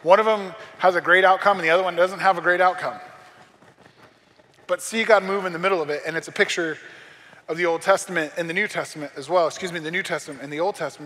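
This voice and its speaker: A man with a high, bright, forceful voice delivers a sermon from a church. He preaches in a conversational way and slips in joking asides. His words ring with the long reverb of a large hall. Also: fairly even intonation, fast. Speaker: pastor. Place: church sanctuary.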